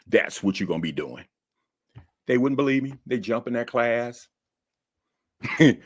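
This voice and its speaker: A man's voice: fairly low pitch, a bit bright. A man giving casual, joking advice to new college students, often repeating words as he talks. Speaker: college advisor giving tips. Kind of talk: casual talk-to-camera advice.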